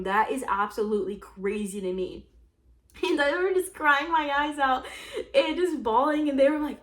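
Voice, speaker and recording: A woman's voice: sits high, fairly quick, a bit bright. A young woman chatting casually as a podcast host, telling personal stories in a gushing, emotional way full of "like". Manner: gushing, emotional, filler-heavy with lots of "like". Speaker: podcast host and escape room game master. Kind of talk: casual storytelling chat.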